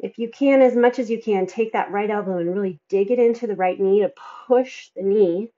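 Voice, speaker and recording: A woman's voice: medium pitch, fairly quick, dark tone, dull audio. A woman fitness instructor coaching a workout, counting reps and encouraging, sighing and a bit out of breath between exercises.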